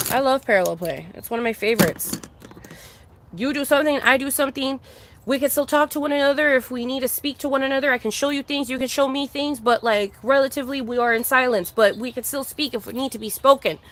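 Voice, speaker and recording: A woman's voice: high voice, bright, forceful tone. A woman ranting casually to her viewers, exasperated, swearing constantly and restarting her sentences. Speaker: streamer. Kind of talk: casual venting monologue.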